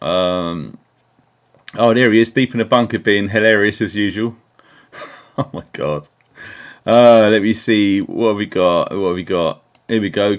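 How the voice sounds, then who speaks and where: A man from England hosting a casual live stream, upbeat and chatty, greeting viewers by name with lots of ums, into a small desk mic. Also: fairly low pitch. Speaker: livestream host. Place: indoors at a computer. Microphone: small desk mic on keyboard.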